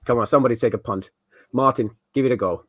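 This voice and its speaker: A man's voice: mid-range voice, fast, no echo. A man hosting a casual quiz on a video call, joking and playful as he reads out the questions. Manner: jokey, playful. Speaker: quiz host at an online party. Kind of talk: casual virtual party quiz.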